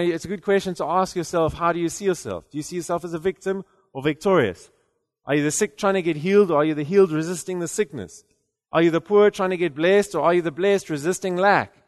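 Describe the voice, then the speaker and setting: A man's voice: sits high, in a large hall. A man preaching a sermon in a conversational way, often repeating words and then rising to emphatic declarations.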